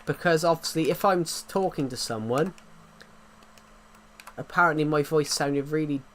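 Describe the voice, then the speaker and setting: A man's voice: on the high side, moderate pace, fairly bright tone, a little hiss or hum. An English man chatting casually on a livestream, rambling with many restarts and fillers, his throat sore. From England. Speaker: livestream host.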